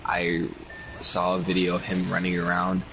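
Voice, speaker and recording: A man's voice: low voice, completely flat delivery, sharp tone, a little hiss or hum. A young man chatting casually with a friend, telling profane, rambling stories. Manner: rambling, profane storytelling with quick impressions of others. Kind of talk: casual chat.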